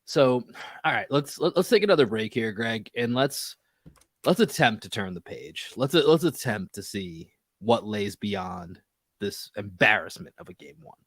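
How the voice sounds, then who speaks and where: A man hosting a sports podcast, talking fast with frustrated restarts about a lost game. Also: fairly low pitch, expressive, no room sound. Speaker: podcast host.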